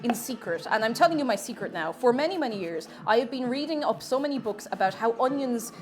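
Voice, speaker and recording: A woman streamer chatting casually while cooking, rambling through deadpan absurd jokes. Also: on the high side, fast talker, music in the background.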